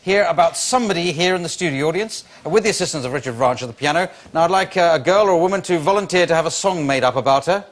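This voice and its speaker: A man's voice: fairly high pitch, lively intonation, fast, hardly any pauses. A man hosting an improv comedy show, introducing games with wry, dry asides. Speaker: game show host. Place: TV studio with live audience. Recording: loud studio audience behind.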